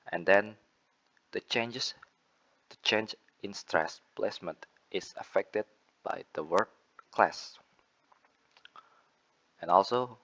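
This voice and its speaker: A man's voice: low-pitched, a bit bright, low-quality recording. A young man with an Indonesian accent giving a student class presentation on word stress, repeating example words and correcting himself as he goes. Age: young adult.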